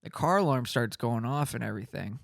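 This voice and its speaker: A young man co-hosting a laid-back podcast, recounting childhood mishaps. His voice sits in a middle range, recorded dry and close. He jumps into shrill falsetto when acting out other people. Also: animated, fairly quick, gravelly, no echo. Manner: storytelling with high-pitched impressions of others. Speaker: podcast co-host. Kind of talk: casual chat.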